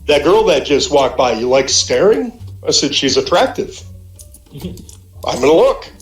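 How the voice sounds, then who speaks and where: A man in his fifties from Minnesota, telling an animated, profane story on a voice call and acting out the quotes. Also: on the high side, a little slow, echoey room, soft background music. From Minnesota, USA. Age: 50s. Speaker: guest, a friend's dad on a call.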